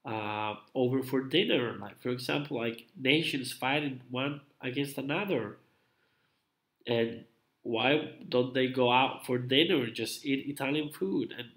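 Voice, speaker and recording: A man's voice: mid-range voice, measured pace, a bit bright. A man hosting a casual live stream, rambling and hesitant with many fillers, coughing from a cold. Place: home room at night. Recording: roomy echo.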